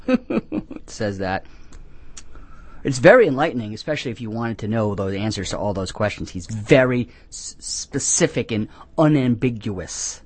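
A man hosting a call-in comedy radio show, drifting through deadpan, absurd tangents with self-mocking asides and frequent restarts. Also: mid-range voice, a little slow, dry recording. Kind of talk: rambling comic monologue.

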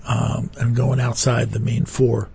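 A man's voice: mid-range voice, little pitch movement, a little slow, creaky, mellow, slightly rough. A man co-hosting a radio show in a studio, chatting casually and playfully, rambling with many fillers and restarts. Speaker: radio co-host. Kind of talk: casual on-air chat.

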